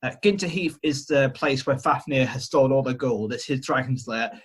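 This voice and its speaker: A man's voice: medium pitch, moderate pace, breathy edge. A man co-hosting a podcast over a video call, retelling a myth in a rambling, hesitant way with self-mocking jokes. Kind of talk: casual storytelling chat. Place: home, remote call.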